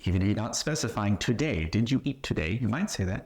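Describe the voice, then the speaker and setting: A man teaching an English class in a relaxed, conversational way, patiently explaining with example questions and checking in often. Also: on the low side, fast talker. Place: classroom or retreat room.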